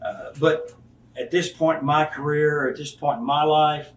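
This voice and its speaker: In this candid interview, a man in his fifties who used to wrestle tells stories bluntly and with plenty of profanity, imitating the people he mentions. He speaks at a moderate pace in a slightly high voice with fairly even intonation, recorded in an echoey room from a distant mic with faint hiss.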